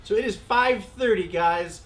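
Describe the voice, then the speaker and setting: A man hosting a livestream, reading out viewer comments in relaxed, casual chat. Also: high-pitched, normal speed, a little hiss or hum. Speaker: host.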